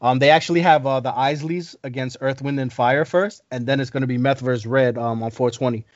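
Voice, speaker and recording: A man in a casual chat, talking in a relaxed, slangy and agreeable way. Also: mid-range voice, fairly quick, no echo. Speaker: podcast co-host. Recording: dry, slightly dull recording.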